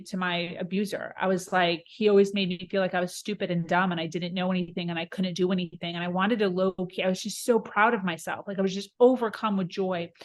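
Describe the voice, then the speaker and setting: Woman telling a candid personal story. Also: mid-range voice. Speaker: podcast guest.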